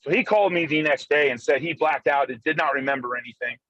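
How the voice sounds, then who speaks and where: A man telling a story over a phone call while driving, excitable and full of profanity. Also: fairly high pitch, fast talker, no echo. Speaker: podcast co-host. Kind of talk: casual storytelling chat. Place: in a car, driving.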